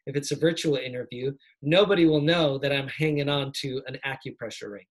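A man teaching communication skills in a casual, energetic workshop, showing little tricks as he talks. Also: medium pitch, fairly quick. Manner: energetic, demonstrates tricks while talking. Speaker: speaking coach. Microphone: video call.

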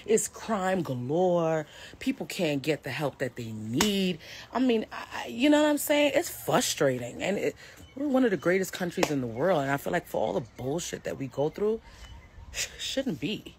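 Woman from the US, low register with lively swings, heated live-stream rant, profane and direct. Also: normal speed, background noise. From United States. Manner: heated, blunt, swears freely, talks to viewers directly.

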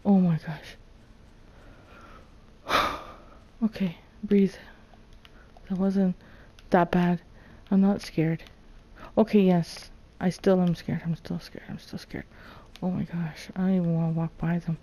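A woman's voice: fairly low pitch, flat delivery, slow pace, long pauses, mellow. A woman hosting a gaming channel, muttering to herself through a survival game with jittery, frightened chatter and sudden panicked yelps. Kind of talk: solo let's play commentary.

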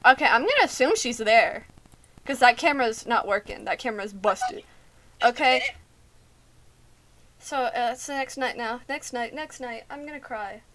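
High-pitched young woman, jittery and scared. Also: expressive, moderate pace, pauses often, a bit bright. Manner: jittery and scared, nervous laughs and repeated phrases. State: shaky and lightheaded. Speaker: gaming YouTuber. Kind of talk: let's play commentary.

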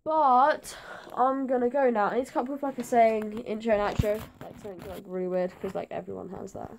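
A teenage girl, rambling to camera in her bedroom; her voice is going hoarse, and she is scatterbrained and jumpy. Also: medium pitch, steady tone, fast talker, mellow, slight background noise. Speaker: gaming vlogger. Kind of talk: rambling casual vlog to camera.

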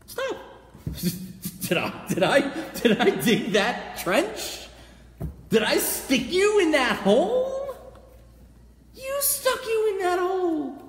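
A man's voice: very high-pitched, voice pushed up, heavily acted. A man voicing an exasperated male God who scolds humanity in a roomy hall. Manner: incredulous, scolding. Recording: roomy hall with faint noise.

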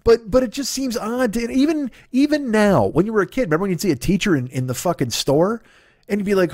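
Animated, profane man in his fifties. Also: sits high, fast, dry recording. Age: 50s. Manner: profane, rambling, sarcastic rant. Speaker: comedian podcast host. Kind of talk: solo comedic monologue.

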